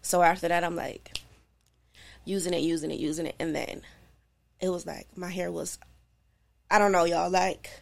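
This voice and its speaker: A woman telling a story as a podcast guest, animated and calling her listeners y'all. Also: on the low side, moderate pace, vocal fry, pauses often. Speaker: podcast guest, hair oil maker. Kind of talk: casual storytelling chat.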